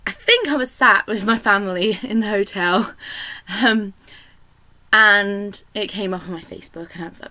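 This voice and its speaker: A young woman from Britain talks to her viewers in a loose, casual vlog, laughing often and dropping the odd swear word. Her voice sits fairly high and bright, and it leaps around in pitch as she gets animated. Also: normal speed. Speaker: indie author vlogger.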